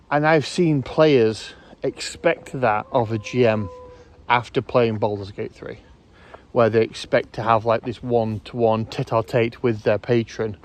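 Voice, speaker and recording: A man hosting his own video channel, giving rambling, casual commentary outdoors, correcting himself often and filling pauses with ums. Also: medium pitch. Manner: rambling, self-correcting, hesitant fillers. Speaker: YouTube host.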